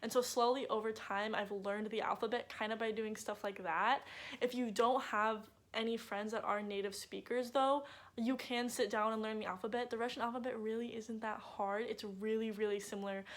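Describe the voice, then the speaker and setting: A woman's voice: a little high, fairly even intonation, moderate pace. A young woman, a native English speaker, chatting casually to camera in a bubbly vlog with lots of filler words. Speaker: vlogger.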